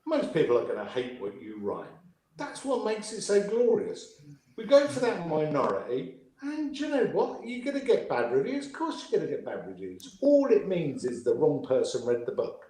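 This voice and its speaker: A middle-aged man with a British accent, a guest author telling stories in casual chat, profane and animated. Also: fairly high pitch, normal speed. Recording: echoey room, faint ambience.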